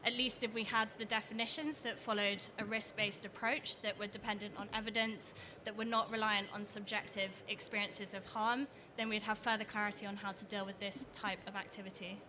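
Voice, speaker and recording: A woman panelist speaks at a conference discussion. Her delivery is measured and flat, with little rise and fall. Clear background noise runs under her voice. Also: mid-range voice.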